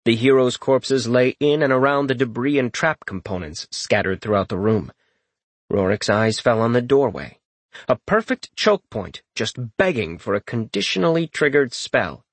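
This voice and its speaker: A man's voice: mid-range voice, expressive, moderate pace, no room sound. Man narrating, dry close sound. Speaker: audiobook narrator. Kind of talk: scripted fantasy narration.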